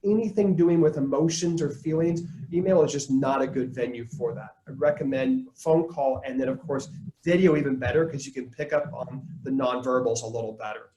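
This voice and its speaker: A man's voice: mid-range voice, fairly quick, mellow, a little hiss or hum. A man giving a leadership training webinar, conversational, with jokey asides to the chat. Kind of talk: webinar presentation. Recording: roomy echo.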